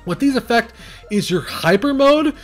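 A man's voice: extremely high pitch, lively intonation, normal speed, a bit bright, soft background music. A man giving casual commentary over a video game he is playing, rambling and hesitant with many fillers, and breaking into nervous exclamations when the action gets hectic. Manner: nervous exclamations under pressure. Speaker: game reviewer.

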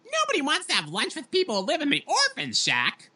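A man doing Carmelita, a shrill bratty little girl. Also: huge pitch swings, fairly quick, pushed and bright, full character voice. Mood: taunting. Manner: taunting, chanting, very high and shrill. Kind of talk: fan audiobook reading.

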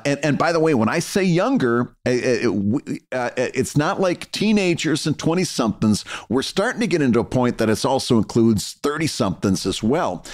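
Animated man with halting speech. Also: mid-range voice. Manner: halting, repeats words and fillers often. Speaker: podcast co-host. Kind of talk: casual podcast chat.

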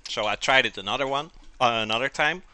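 A man's voice: medium pitch, quick pace, bright, forceful tone, dry recording. A man with a Dutch accent from the Netherlands, hosting a live cooking stream, chatting with viewers while eating, sometimes with his mouth full. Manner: chatty, reads out and answers chat while eating.

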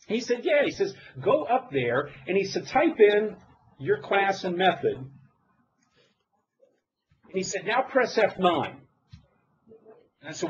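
Animated man telling tech stories. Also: fairly high pitch, normal speed, dull audio, slight background noise. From United States. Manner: animated storytelling, self-deprecating jokes. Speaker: technical presenter. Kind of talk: live demo presentation.

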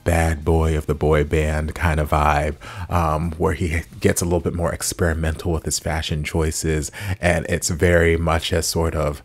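A man hosting a music reaction video, chatting casually and gushing with animated swings, sometimes whispering. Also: extremely low pitch, moderate pace.

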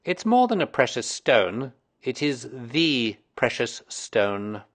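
Male reader doing a sharp-minded Victorian sleuth, emphatic and lively. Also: medium pitch, takes it slowly, full character voice. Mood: assured. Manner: precise, lecturing, emphatic. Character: brilliant, self-assured Victorian male detective.

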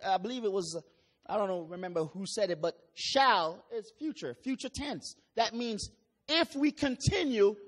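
Preaching in an extremely high-pitched voice, a Jamaican-accented man reads scripture at a slow, deliberate pace. Every so often he bursts out with sudden, loud calls.

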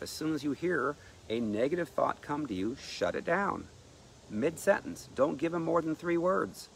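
A man's voice: a little high, animated, normal speed, creaky, slight background noise. A man preaching in an emphatic sermon style, reading scripture aloud and exhorting listeners.

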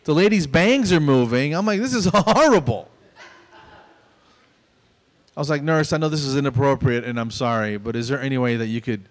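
A man's voice: mid-range voice, animated, moderate pace, long pauses. A man in his fifties doing a stand-up comedy routine on a small club stage, telling stories and acting out both sides of each exchange.

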